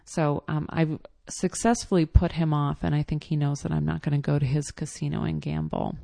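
A woman's voice: low voice, flat delivery, moderate pace, creaky, dark tone, dry recording, studio quality. A woman telling a casual personal story in a chatty, exasperated way with lots of fillers.

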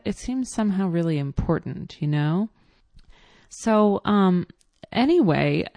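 A woman in her thirties tells a casual personal story, chatty and reflective, often pausing on an um. Her voice sits a little low for a woman. The recording is dry, with no room sound. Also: vocal fry, dark tone, dry recording. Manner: chatty and reflective, with filler ums and quoted asides.

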